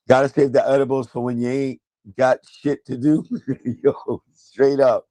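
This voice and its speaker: A man's voice: mid-range voice, little pitch movement, a little slow, dark tone, no room sound. Profane, laid-back male livestream host. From New York. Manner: loose, profane storytelling with laughs. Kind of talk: casual livestream chat. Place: at home, seated in a chair.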